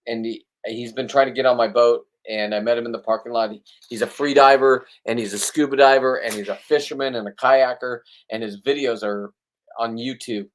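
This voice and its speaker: A man talking to the camera in a casual fishing vlog, blunt and rambling, joking about himself. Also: mid-range voice. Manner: blunt, rambling, self-deprecating. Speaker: fishing vlogger.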